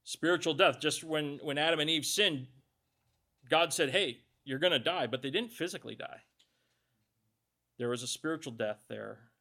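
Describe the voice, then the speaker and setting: A man's voice: a little high, normal speed, creaky, pauses often, pushed and bright. A male pastor giving a conversational sermon, reading scripture aloud and adding joking asides.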